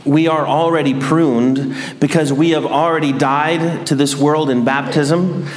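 A man giving a sermon as a priest, measured and dryly humorous. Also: on the high side, fairly even intonation. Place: large church. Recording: echoey church hall.

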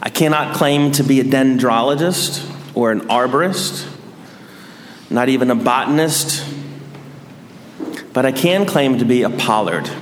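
A man giving a sermon as a priest, measured and dryly humorous. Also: medium pitch, slight background noise. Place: large church. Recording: echoey church hall.

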